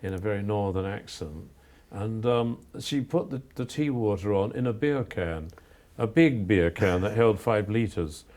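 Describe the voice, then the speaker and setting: An older man from England, a photographer, giving earnest, measured answers in an interview, often restarting his sentences. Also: lowish voice, lively intonation, darkish tone. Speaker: photographer guest.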